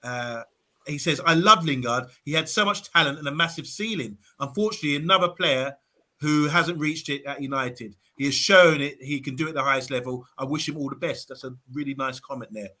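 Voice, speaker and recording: Give me a man with a very bright voice reading out viewer comments casually. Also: a little high, a little fast. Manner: reads comments aloud with many fillers. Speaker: fan show panelist reading viewer comments. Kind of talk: casual live-stream chat.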